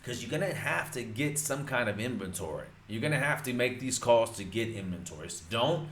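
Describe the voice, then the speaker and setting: A man's voice: mid-range voice, animated, a little fast, a bit bright. A man teaching real estate wholesaling in casual talk, emphatic and repetitive, calling his viewers folks. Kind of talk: casual instructional talk to camera. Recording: roomy echo.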